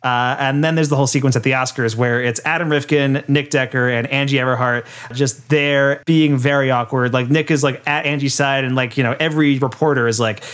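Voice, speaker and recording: A man co-hosting a casual podcast, retelling a film's scenes in a relaxed way with lots of fillers and laughter. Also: medium pitch, a little fast, few pauses. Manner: laid-back, many fillers, laughs while retelling scenes. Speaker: podcast co-host. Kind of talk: casual chat recapping a film.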